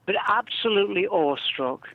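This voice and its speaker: A man's voice: high-pitched, animated, fairly quick, creaky, no room sound. A man with a Northern English accent chatting as a guest, effusive and a little theatrical. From north of England. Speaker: guest performer. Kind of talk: casual chat. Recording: dull lo-fi recording.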